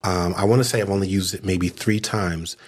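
A man co-hosting a casual podcast interview with a very deep voice. He rambles, restarts often and likes to tease. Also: steady tone, brisk. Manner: rambling, many fillers and restarts, teasing. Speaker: podcast co-host.

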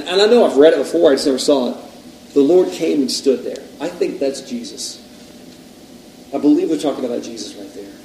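A middle-aged male pastor preaches in a conversational, self-deprecating style, posing questions to his audience. His voice is fairly high with a darkish tone. The distant mic picks up an echoey room and slight background noise.

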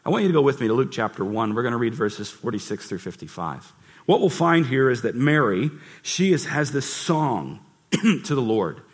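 A man preaching a lively sermon in church, asking the listeners questions and acting out the voices in the story. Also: medium pitch, moderate pace, husky. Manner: animated preaching, acts out voices and asks the crowd questions. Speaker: pastor.

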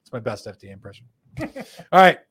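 A man hosting a live show, reading viewer comments aloud with jokes, laughing often and slipping into quick voices for quotes. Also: mid-range voice, huge pitch swings, fairly bright tone, slightly rough. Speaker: host.

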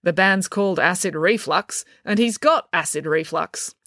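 A woman's voice: fairly low pitch, normal speed, a bit bright, no echo, lightly acted. A woman voicing a wry, sarcastic teenage boy with a dry, mocking manner.

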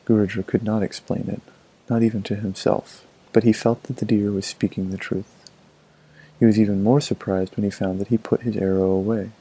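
A male storyteller reads a folk tale in a measured, expressive way. His voice sits low, with a dark, mellow tone and a husky grain. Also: low-quality recording. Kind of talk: storybook narration.

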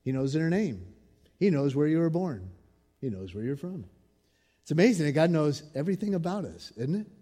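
A man preaching a sermon in an expressive, conversational way. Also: on the high side, fairly quick, slightly rough. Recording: long reverb in a large hall.

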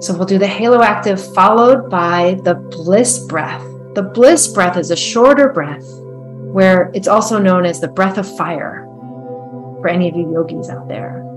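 A woman leads a guided breathwork meditation, talking in a calm, soft and unhurried way. Her voice sits at an ordinary middle pitch. Faint music with a singing bowl plays underneath.

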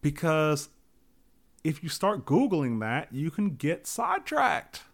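A man's voice: fairly high pitch, very animated, takes it slowly, creaky. A man hosting his own podcast, musing aloud in a thoughtful, rambling way with many restarts and asides. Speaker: podcast host. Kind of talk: reflective solo monologue.

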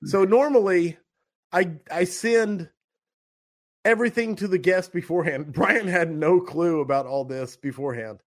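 A man hosting a podcast, running a playful quiz with his guest in casual chat. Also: high-pitched. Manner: playful, quick quiz-show banter. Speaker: podcast host.

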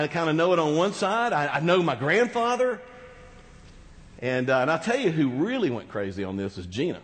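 A man's voice: on the high side, a bit bright. A man preaching a sermon as pastor, talking conversationally with rhetorical asides to the congregation. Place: large church hall. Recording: reverberant church hall.

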